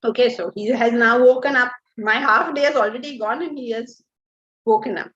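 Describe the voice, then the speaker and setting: Lady teacher lecturing her class, high voice, keeps asking the room questions, kinda muffled recording. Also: normal speed. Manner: lively, asks the class rhetorical questions. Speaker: Vedanta teacher.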